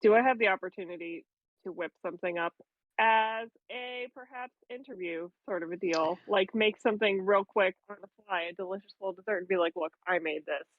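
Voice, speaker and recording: A woman's voice: medium pitch, brisk, no room sound. A woman playing in a tabletop game, talking casually and playfully about her character. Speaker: player. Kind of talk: tabletop role-play chat. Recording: tinny phone-like line.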